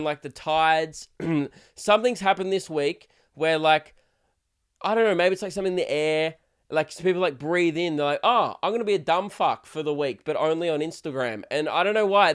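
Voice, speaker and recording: A man's voice: a little high, clear, resonant tone. A young Australian man hosting his own podcast, ranting in a sarcastic, swearing, casual way. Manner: swearing, sarcastic, shouts for effect. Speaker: podcast host and comedian. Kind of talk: casual solo podcast rant.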